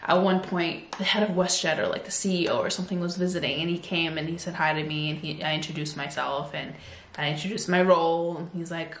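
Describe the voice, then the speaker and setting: A woman in her twenties chatting at home into a phone, telling a casual storytime in an animated way. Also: on the low side, quick pace, roomy sound, a little hiss or hum. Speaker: vlogger.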